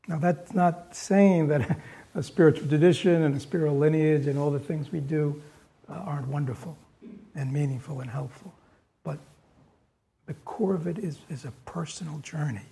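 A man's voice: fairly high pitch, normal speed, creaky, dark tone. A man giving a dharma talk in a loose, conversational way, with frequent fillers, who reads story passages aloud with rising force. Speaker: dharma teacher.

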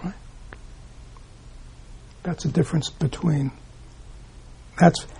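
A man giving a reflective Buddhist dharma talk to a room of listeners, posing rhetorical questions and often dropping his voice to a hush. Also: fairly high pitch, fairly even intonation, slow pace, creaky, husky, low-quality recording. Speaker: Buddhist teacher. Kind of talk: dharma talk to a live audience. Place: room with a gathered audience.

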